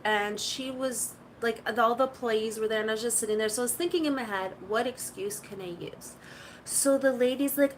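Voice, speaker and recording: Woman streamer, casual and chatty, meandering anecdotes, a bit high-pitched, faint hiss behind. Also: moderate pace, rough recording. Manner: rambling storytelling, full of "like". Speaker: live streamer. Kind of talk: casual chat to stream viewers.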